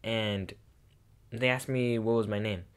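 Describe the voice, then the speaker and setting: A man's voice: lowish voice, steady tone, a little slow, clean tone. A young man co-hosting a casual podcast, telling a story with many hesitations and fillers. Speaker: podcast co-host. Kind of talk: casual chat.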